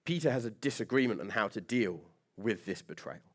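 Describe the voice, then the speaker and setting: A man's voice: on the low side, animated, fairly quick. Guy giving a sermon, talks like he's chatting, cracks jokes, keeps asking the room questions. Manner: conversational and joking, asks many rhetorical questions. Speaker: pastor.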